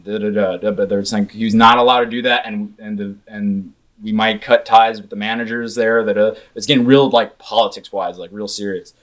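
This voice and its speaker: A young man in casual chat, telling stories in a profane, animated way. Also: lowish voice, a little fast, few pauses.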